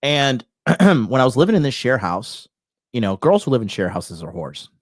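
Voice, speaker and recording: A man's voice: medium pitch, sing-song, normal speed, no echo, clean studio sound. A man hosting a dating talk show, telling a crude story in a brash, swaggering way, full of swearing. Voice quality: profane, brash, swaggering delivery. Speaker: dating coach and podcast host. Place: Tokyo.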